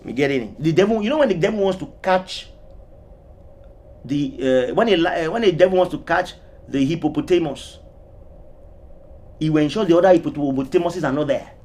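A man delivering a sermon in a fairly high voice. He preaches with emphatic swings of pitch and keeps throwing questions at his listeners. He slows right down when he quotes scripture. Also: animated, a little mellow. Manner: stretches out scripture quotes slowly. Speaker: pastor.

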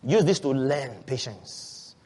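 The speaker is a pastor whose high voice is expressive and moves at normal speed as he preaches to his church. Loud, rising calls give way to quiet, hushed asides, and he repeatedly questions the congregation.

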